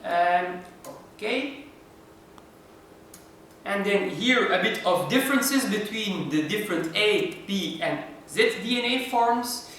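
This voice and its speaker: A lecturer explains step by step, often pausing to ask the class rhetorical questions. The voice comes from far off the mic and rings around a very echoey lecture hall, with faint hiss underneath. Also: medium pitch, expressive, fairly bright tone. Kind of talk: university lecture.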